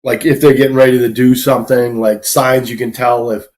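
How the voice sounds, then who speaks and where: A man who used to work as a bouncer, chatting as a guest. He tells stories in a rambling, filler-packed way and swears freely. His voice sits at an ordinary pitch. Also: level tone, a little fast, a little mellow, slight background noise. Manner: profane, rambling, filler-heavy. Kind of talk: casual storytelling.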